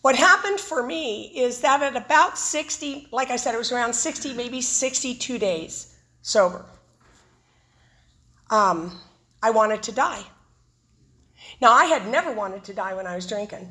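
A woman's voice: fairly high pitch, lively intonation, unhurried, pauses often, bright, forceful tone. A woman speaking at a recovery meeting, telling her personal story with humor and animation. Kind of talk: personal testimony talk.

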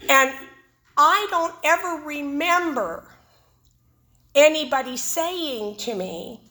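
A woman's voice: sits high, expressive, slow, long pauses, pushed and bright. A woman speaking at a recovery meeting, telling her personal story with humor and animation. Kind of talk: personal testimony talk.

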